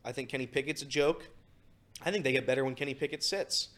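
A man's voice: medium pitch, fast talker, fairly bright tone. Blunt male sports panelist. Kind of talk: casual sports chat.

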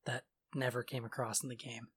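A man's voice: mid-range voice, little pitch movement, a bit bright, husky. A man casually retelling a video game's story in a sarcastic, offhand way. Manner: sarcastic, offhand retelling with quick mock quotes. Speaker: podcast co-host recapping a game story. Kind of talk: casual chat.

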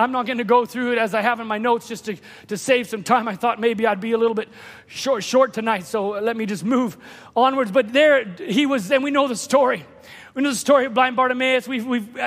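A man preaching a sermon in a church, impassioned, swinging from hushed asides to shouting. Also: very high voice. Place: church sanctuary. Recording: long hall reverb.

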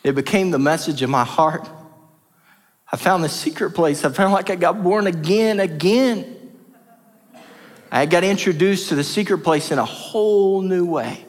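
A man's voice: high-pitched, normal speed. A man preaching a sermon as pastor, passionate and emphatic, with lots of repetition. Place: church hall. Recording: reverberant church hall.

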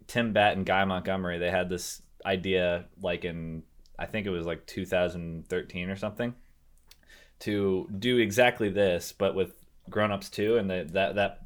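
Laid-back male podcast co-host, lowish voice, loose rambling delivery, casual swearing. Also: smooth. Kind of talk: casual chat.

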